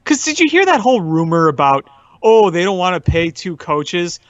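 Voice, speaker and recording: A man's voice: high-pitched, very animated, moderate pace, dry recording. Chatty man on a dull lo-fi mic. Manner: chatty, laughs easily, riffs on jokes. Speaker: podcast co-host. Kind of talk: casual sports talk chat.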